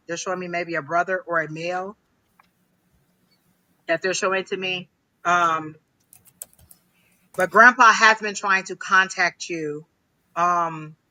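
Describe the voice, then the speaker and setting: A man giving a live psychic reading on a stream, talking in a halting way, repeating phrases with many ums. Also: high-pitched, bright, forceful tone, poor audio. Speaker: psychic reader.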